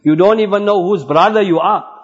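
A man's voice: high voice, brisk, husky. A man voicing a wise, brotherly male lion from the jungle, urging and earnest, in a sermon story. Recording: dull lo-fi recording.

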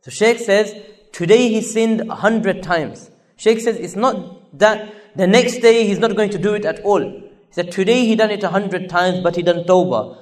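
A male preacher delivers a sermon in an earnest, repetitive way. His voice sits high for a man. He pushes up for emphasis, then falls into quiet, low asides. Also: normal speed.

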